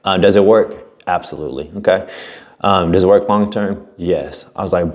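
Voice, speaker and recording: A man's voice: deep voice, fairly quick, dull audio. A young man co-hosting a podcast, casual chat with a fired-up, profane motivational drive. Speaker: podcast co-host.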